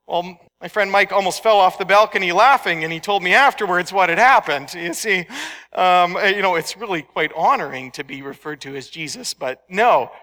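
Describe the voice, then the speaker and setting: Male pastor, high and bright voice, emphatic sermon delivery with a casual touch. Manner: conversational, emphatic preaching with anecdotes. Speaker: preacher. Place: church sanctuary. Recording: long hall reverb.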